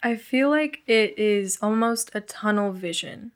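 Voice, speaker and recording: A woman's voice: medium pitch, a little slow. Candid young woman telling her story. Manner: frank, profane, animated retelling. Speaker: guest.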